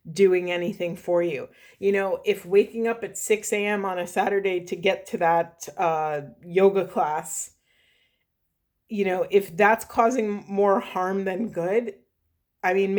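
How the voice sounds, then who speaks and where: Woman tarot reader, earnest and rambling, voice going hoarse, medium pitch, slows to repeat key phrases. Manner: earnest, rambling, apologetic self-corrections; slow emphatic repetition of key phrases. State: losing her voice. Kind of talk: spiritual tarot reading monologue.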